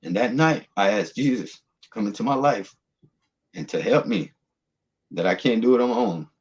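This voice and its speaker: A man's voice: on the low side, animated, moderate pace, lo-fi sound. A man, earnestly telling his personal testimony as a guest, rambling through the story with restarts.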